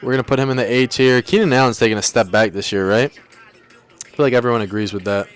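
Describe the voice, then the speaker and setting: A man's voice: medium pitch, fairly even intonation, quick pace, clean tone. A young man hosting a livestream, ranking players in casual, slangy banter and talking back to his chat. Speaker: livestream host.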